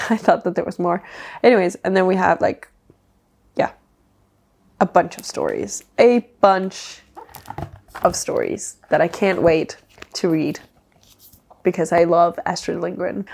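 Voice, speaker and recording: A Danish book vlogger, a native Danish speaker from Denmark, chats casually in English about her new book haul. Her voice is on the low side with a darkish tone, and she rambles with plenty of "like" fillers.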